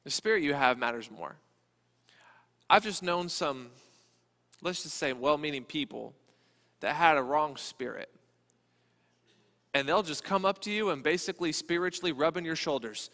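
A man preaching a sermon as a pastor, speaking in a conversational, animated way. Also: fairly high pitch, moderate pace, long pauses. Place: church sanctuary. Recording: long church reverb.

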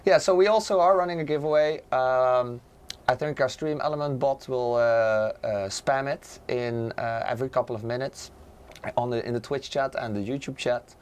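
Hoarse, raspy man hosting a stream. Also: mid-range voice, moderate pace. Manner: hesitant, many fillers and restarts. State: hoarse from being sick. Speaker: livestream co-host. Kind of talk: casual livestream chat.

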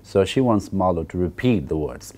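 Very animated yet a little mellow, this low-voiced university lecturer talks through a novel at normal speed. He builds his points step by step, keeps asking "okay?" and "right?", and leans on fillers and repetition.

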